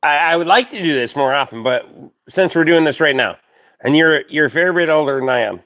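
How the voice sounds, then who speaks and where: A Canadian man in his forties hosts a casual live chat, tripping over his words in excited restarts. His pitch swings in a lively way and sits a little high. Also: brisk. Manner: stammering, excitable, laughs a lot. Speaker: live stream host.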